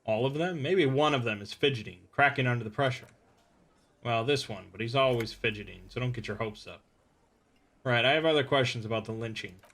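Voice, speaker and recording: A man hosting a let's play, reading game text aloud and switching into gruff shouted character lines. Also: medium pitch, brisk.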